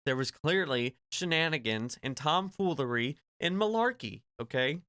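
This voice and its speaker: A man's voice: a little high, big pitch swings, normal speed, hardly any pauses, pushed and bright, no echo, studio quality. A man streaming a sarcastic, joking reaction to an interview clip, laughing and swearing as he talks. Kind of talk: casual reaction commentary.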